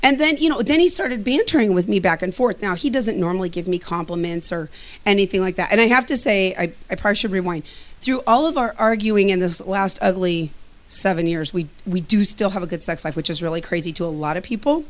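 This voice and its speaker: A middle-aged woman casually telling a personal story as a testimonial, lively, acting out both sides of conversations and laughing often. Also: mid-range voice, brisk. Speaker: student giving a testimonial.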